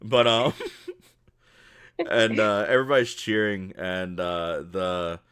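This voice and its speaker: A man narrating a tabletop game as game master, casual and excitable, often laughing as he describes the action. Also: fairly low pitch, slow, clean tone.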